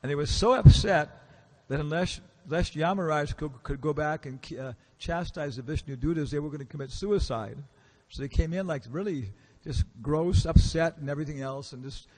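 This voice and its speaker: A man's voice: fairly high pitch, normal speed, few pauses, darkish tone. A man giving a casual, storytelling lecture in a temple hall, acting out the characters he quotes and asking the audience questions. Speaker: visiting lecturer.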